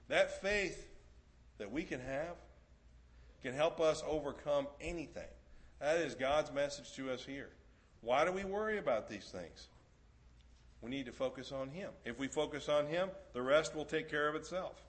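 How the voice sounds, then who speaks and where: A man's voice: fairly high pitch, lively intonation, moderate pace. A man preaching a sermon in a church, reading scripture aloud and building to earnest, emphatic appeals to the congregation. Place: church sanctuary.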